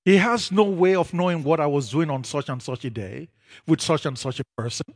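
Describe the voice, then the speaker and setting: A man preaching a personal testimony to a church audience, telling it as a story and building to loud, emphatic peaks. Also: on the high side, fairly quick. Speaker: preacher sharing his testimony. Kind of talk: sermon testimony.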